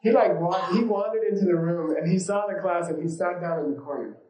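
A yoga and meditation teacher, a man with a slightly high, dark-toned voice, talks a little fast in a casual teaching session full of anecdotes. He rambles informally, uses lots of fillers, wanders into side stories and laughs easily. A noticeable echo suggests a roomy indoor space.

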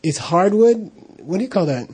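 Laughing, animated man telling a story. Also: sits high, normal speed, husky. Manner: animated, laughing often, acting out dialogue. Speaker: storyteller recalling monastery life. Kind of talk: casual anecdote.

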